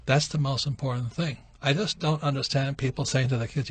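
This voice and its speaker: A man's voice: medium pitch, a little fast, slightly rough, no echo. A man hosting a radio call-in show, telling stories from his youth in a casual storytelling way. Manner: storytelling, animated when acting out quotes. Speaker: radio show host answering questions.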